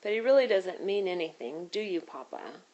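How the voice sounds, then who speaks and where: A woman's voice: on the low side, sing-song, moderate pace, a little mellow, dull audio. Woman reader doing a motherly hostess, fussing, storybook dialogue, caring. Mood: warm. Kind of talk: read-aloud storybook dialogue.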